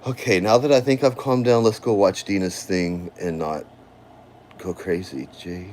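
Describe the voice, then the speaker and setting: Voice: low voice, steady tone, normal speed, darkish tone, slight background noise. A livestreamer at home, ranting and mocking in a profane, sing-song way. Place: home, indoors.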